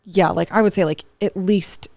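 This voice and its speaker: A woman's voice: lowish voice, steady tone, moderate pace, a little mellow, no room sound. A young woman from Massachusetts co-hosting a podcast, telling stories in a casual, chatty way with lots of "like". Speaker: podcast co-host. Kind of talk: casual chat.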